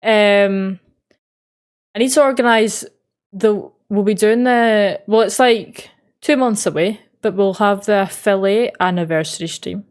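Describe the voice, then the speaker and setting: A woman's voice: mid-range voice, unhurried. Chatty Australian woman streamer. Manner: chatty and easygoing, answers chat messages, laughs often. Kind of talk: casual chat reading out live chat.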